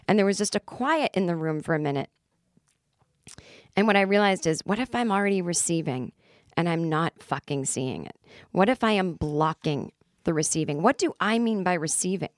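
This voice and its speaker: Solo podcast host, woman in her thirties, lower voice, dry recording, candid and self-deprecating. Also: dry recording. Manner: candid, self-mocking, acts out her own inner voice.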